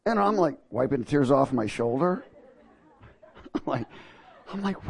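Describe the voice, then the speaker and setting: A male pastor leading prayer and preaching a sermon to a congregation, telling a personal story with fervent bursts of loud exclamation. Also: a little high, expressive, normal speed, vocal fry, pauses often, breathy edge.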